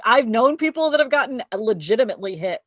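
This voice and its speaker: Chatty woman co-host, slightly high. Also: lively intonation, fast, no echo, clean studio sound. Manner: responsive, chatty. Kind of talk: casual chat.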